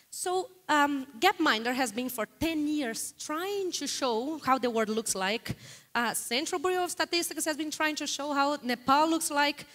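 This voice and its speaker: Woman, Brazilian accent, high voice, guest lecturer, quizzes the audience, lecture hall. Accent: Brazilian Portuguese. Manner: animated, questions the audience often.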